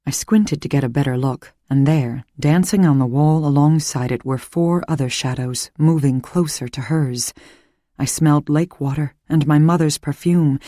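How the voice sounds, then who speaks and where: Calm woman narrating an audiobook. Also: sits low, no room sound, clean studio sound. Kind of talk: first-person audiobook narration.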